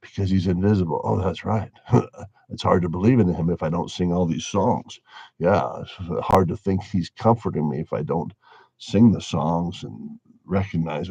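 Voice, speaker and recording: A man's voice: deep voice, normal speed, vocal fry, warm tone, husky, no room sound. A man giving a casual spoken monologue on faith, musing wryly and laughing at his own points. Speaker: religious commentator. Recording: dull lo-fi dry recording.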